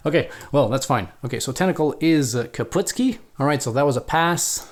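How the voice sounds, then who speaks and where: A man hosting a solo board game playthrough, reading game text aloud and thinking out loud as he counts moves, with chatty asides to viewers. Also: medium pitch, lively intonation, fairly quick, hardly any pauses. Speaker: solo board game player and channel host.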